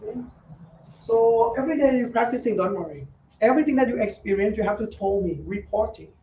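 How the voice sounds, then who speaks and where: A man who is a Buddhist monk giving a meditation talk to students, in halting non-native English, repeating key words. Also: high-pitched, animated, mellow, a little hiss or hum. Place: meditation center. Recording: echoey, dull, from far off.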